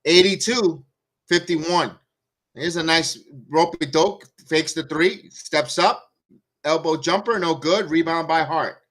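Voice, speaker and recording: A man hosts a live fan watch-along, calling each play and breaking off into sarcastic asides and rants about the coach. His voice is fairly high and fairly bright, and he takes it slowly.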